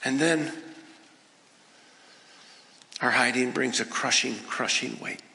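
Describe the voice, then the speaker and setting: A man preaching a sermon as pastor, telling everyday stories and voicing people's quiet prayers in a conversational way. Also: medium pitch, slow, gravelly, long reverb tail. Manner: conversational storytelling, acting out people's inner prayers.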